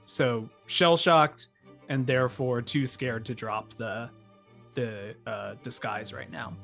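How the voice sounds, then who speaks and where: Slow, halting man at a game table. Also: mid-range voice, fairly even intonation, creaky, a bit bright, soft background music. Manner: halting, many restarts. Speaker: player. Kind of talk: tabletop role-play chat.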